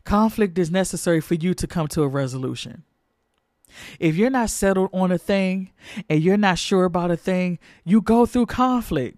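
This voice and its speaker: A man's voice: high voice, darkish tone, no echo, clean studio sound. A man preaching a sermon, fervent and emphatic, repeating phrases for stress.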